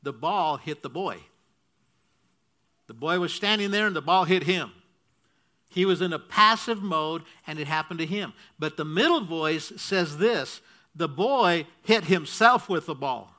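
A man's voice: on the high side, expressive, a little slow, bright, forceful tone. A man preaching a sermon, explaining a point step by step and checking in with the congregation with frequent "okay?"s. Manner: teaching, asks the congregation to repeat and checks "okay?". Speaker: pastor.

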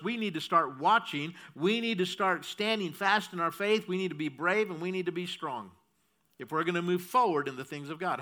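A man's voice: high-pitched, pushed and bright. A man preaching a sermon in an emphatic style, repeating key phrases and putting questions to the congregation. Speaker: pastor.

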